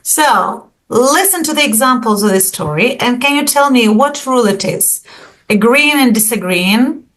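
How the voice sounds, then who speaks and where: A woman teaching an online English lesson, explaining slowly and deliberately, with many pauses, over an online call microphone. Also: fairly high pitch, lively intonation, a bit bright.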